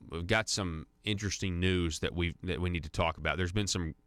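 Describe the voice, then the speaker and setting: A man talks on a radio call-in show in a loose, rambling way, full of fillers and restarts. His voice sits very low and sounds smooth and resonant. The studio sound is close and dry. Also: fairly bright tone, dry recording. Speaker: radio talk show host. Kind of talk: conservative talk radio monologue.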